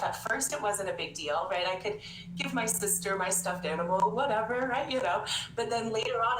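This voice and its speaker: A woman's voice: fairly low pitch, a bit bright. A woman, a therapist guest in an interview, telling stories in a conversational way with many restarts. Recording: echoey room, faint noise.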